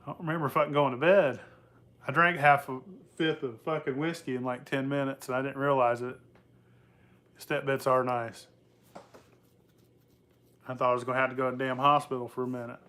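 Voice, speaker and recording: A man's voice: medium pitch, flat delivery, fairly quick, pauses often, fairly bright tone. A young man hosting his moonshine-making vlog, talking loosely with lots of swearing and laughter. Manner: profane, rambling, laughs often. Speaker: moonshine channel host. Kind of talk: casual workshop vlog.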